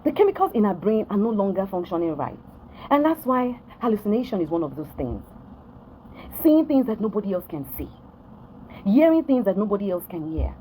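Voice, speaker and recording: A woman's voice: mid-range voice, very animated, a little fast, dark tone, a little hiss or hum, low-quality recording. A Nigerian woman ranting straight to camera for her followers, emphatic and repetitive, often asking if they understand. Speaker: vlogger addressing followers. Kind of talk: direct-to-camera rant.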